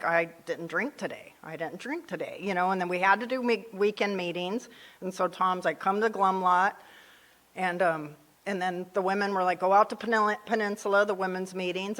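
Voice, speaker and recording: A woman's voice: medium pitch, a bit bright. A woman in her late forties telling her own story of getting sober, candid and emotional, often voicing her past thoughts. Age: 40s. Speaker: recovery speaker. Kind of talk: personal recovery story at a meeting.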